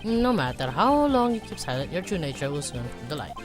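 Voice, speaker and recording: A woman's voice: sits low, very animated, a little fast, music in the background, voice pushed down. A woman voicing a confident male prosecutor who speaks formally and accusingly in a fan dub of a game.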